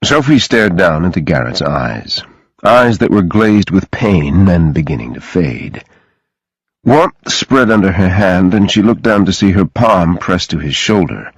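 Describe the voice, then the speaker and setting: Husky, expressive male audiobook narrator. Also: sits low, no echo, dull audio. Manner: dramatic, expressive reading.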